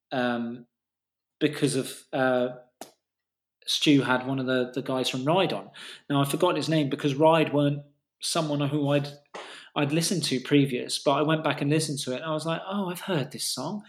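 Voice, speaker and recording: A man's voice: on the high side, reverberant. A man co-hosting a casual music podcast, talking enthusiastically and rambling with restarts and the odd swear. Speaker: podcast co-host.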